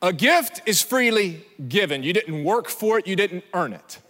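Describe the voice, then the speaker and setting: A man's voice: high voice, expressive, normal speed, a bit bright. A male pastor preaching an emphatic sermon in a church sanctuary, repeating phrases and putting questions to his congregation. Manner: emphatic, repeats himself, asks the crowd questions. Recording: long reverb of a large church hall.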